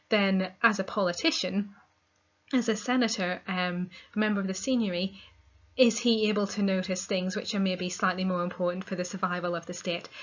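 A woman's voice: mid-range voice, lo-fi sound. A woman teaching a literature lesson, reading quoted lines from a play and then explaining them in plain words.

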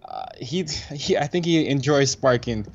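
A man's voice: mid-range voice, expressive, moderate pace, lo-fi sound. A man talking as a podcast guest in casual conversation, eager, restarting sentences often. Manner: enthusiastic, frequent restarts and laughs. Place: New York.

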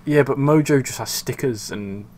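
A young man chatting over a wrestling simulation game, skeptical and wry in his comments. Middle pitch, relaxed delivery, faint typing behind him. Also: moderate pace, a little hiss or hum. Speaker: channel host.

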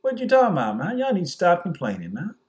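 A smug white Southern man brushes off every question in a high, loud, mocking voice, put on by a man. His Southern drawl is thick and dismissive, and he talks down to whoever is listening. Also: huge pitch swings, quick pace.

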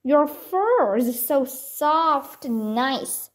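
A woman voicing an eager, brave young girl who pleads excitedly. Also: high-pitched, slow pace, exaggerated voice.

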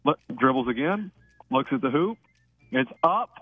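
A man giving excited play-by-play commentary on free throws, calling in by phone for a radio show. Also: a little high, moderate pace, gravelly, narrow, tinny audio. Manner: excitable, breathless narration.

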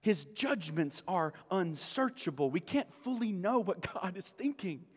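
A man's voice: sits high, sing-song, a little slow, breathy edge, in a large hall. A man preaching a sermon as a pastor, emphatic, repeating key phrases and rising to exclamations. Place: church sanctuary.

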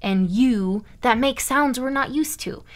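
A woman's voice: on the high side, a little slow. A woman from Iowa, teaching German online in an emphatic, chatty way that keeps checking in with "okay?". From Iowa, USA. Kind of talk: online language lesson.

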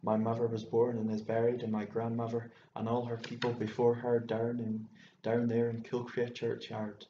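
A man's voice: mid-range voice, completely flat delivery, moderate pace, lightly acted. Man reading as a stubborn young man. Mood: defensive. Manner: taunting, defensive. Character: stubborn young Irishman, quick to argue. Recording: echoey room, dull lo-fi sound, faint hiss.

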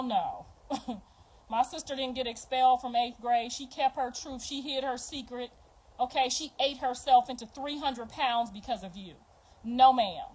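A high-pitched middle-aged woman hosts an emotional livestream rant, raw and heavy with profanity, confronting her viewers and absent family members. She swings between loud outbursts and low, bitter mutters, and the audio is poor.

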